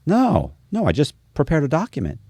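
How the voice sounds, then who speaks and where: A man's voice: fairly high pitch, fairly quick, no echo. A man being interviewed, telling a long story in a casual way and acting out the voices of the people in it. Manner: animated storyteller, acts out quoted dialogue. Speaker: interview guest.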